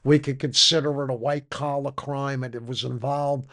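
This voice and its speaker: A man's voice: mid-range voice, fairly even intonation, normal speed, sharp tone. An older man, telling his personal recovery story frankly in a conversational interview. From New York. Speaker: podcast guest.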